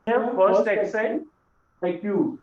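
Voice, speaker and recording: A high-pitched man teaches beginners in an unhurried, patient way, repeating key words so learners can follow. The recording is roomy and a bit muffled, with a lo-fi edge. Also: a little mellow. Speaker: French teacher. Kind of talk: classroom lesson explanation. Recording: echoey room, dull lo-fi sound.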